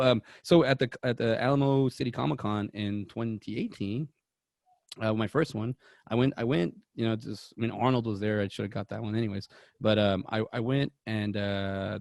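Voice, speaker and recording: Gravelly man telling rambling stories. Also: lowish voice, moderate pace, a little mellow, no echo. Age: 30s. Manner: rambling anecdotes with many restarts. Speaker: podcast co-host. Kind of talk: casual movie podcast chat.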